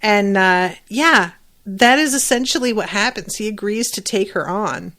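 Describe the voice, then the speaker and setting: Chatty animated woman podcast host. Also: medium pitch, a little slow. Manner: chatty, animated, swears freely. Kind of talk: casual reaction commentary.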